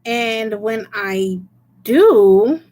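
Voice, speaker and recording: A woman's voice: fairly high pitch, expressive, very slow, a little mellow. A woman doing a casual livestream as a tarot reader, chatting, laughing often and greeting viewers by name.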